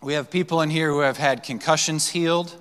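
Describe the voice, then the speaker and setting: Against a noisy background, a male pastor in a church sanctuary preaches a sermon built on personal stories, told loosely with fillers and restarts. His voice is on the high side, steady and brisk, and the recording has long church-hall reverb.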